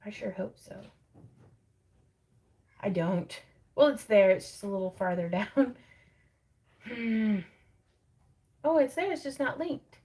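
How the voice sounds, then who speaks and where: A woman's voice: on the high side, a little slow, long pauses, warm tone, husky. A woman, hosting a casual livestream sale from her home craft room, chatty and rambling, reading viewer comments and laughing often.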